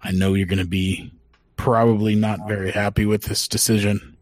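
A man voicing his character in a tabletop game, speaking haltingly with restarts. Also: lowish voice, level tone, no echo. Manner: halting, many fillers and restarts. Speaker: player. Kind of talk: in-character tabletop role-play.

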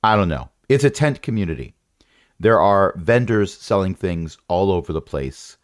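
A man's voice: deep voice, sing-song, normal speed, no room sound, studio quality. A man running a tabletop game as game master, rambling and correcting himself with wry asides.

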